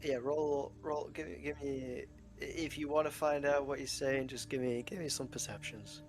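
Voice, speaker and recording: Player, male, mid-pitched, halting, soft music behind. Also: fairly even intonation. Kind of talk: casual tabletop play.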